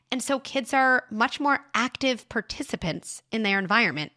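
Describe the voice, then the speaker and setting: A woman hosting an advice podcast on parenting, speaking in a calm, measured and reassuring way as she talks through reframes. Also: medium pitch. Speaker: podcast host, parenting advisor.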